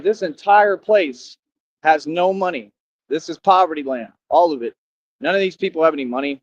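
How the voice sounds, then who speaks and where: A young man boasts and taunts his critics in a slang-heavy monologue to the camera. His voice sits a little high. The sound is dull and lo-fi. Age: young adult. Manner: boastful and confrontational, full of slang. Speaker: vlogger.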